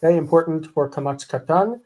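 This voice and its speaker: A man's voice: a little high, brisk, warm tone. A man teaching a live online Hebrew lesson, patiently repeating terms and rules.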